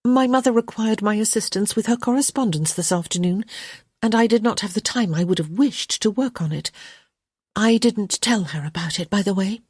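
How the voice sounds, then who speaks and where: A woman's voice: medium pitch, moderate pace, a little mellow, husky, dry recording, studio quality, voice pushed up, lightly acted. A woman voicing a frank, curious young society lady who teases and speaks her mind. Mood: eager. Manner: frank and teasing.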